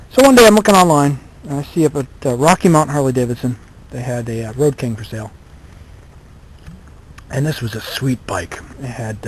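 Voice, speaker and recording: A man's voice: medium pitch, slight background noise, low-quality recording. A man in his thirties telling a rambling story from his own life in a casual vlog, with many fillers and self-deprecating remarks. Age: 30s. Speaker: vlogger.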